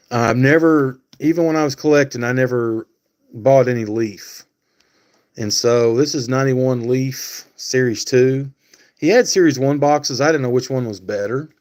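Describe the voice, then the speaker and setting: A man's voice: medium pitch, measured pace, long pauses, a little mellow. Guy on a live stream just chatting away, lots of ums, talks to his chat. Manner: rambling, thinks aloud with many fillers; talks back to chat viewers by name.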